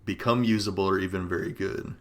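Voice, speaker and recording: A man's voice: sits low, fairly even intonation, fast talker. A man co-hosting a casual gaming podcast, laid-back, giving short replies and laughing a lot. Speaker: podcast co-host.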